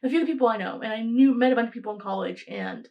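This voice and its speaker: This podcast host is a young adult woman of Greek descent raised in the US, whose fairly high voice swoops wildly in pitch as she talks at rapid-fire speed. Her casual solo show is full of rambling, restarts, and laughter, captured on a muffled recording.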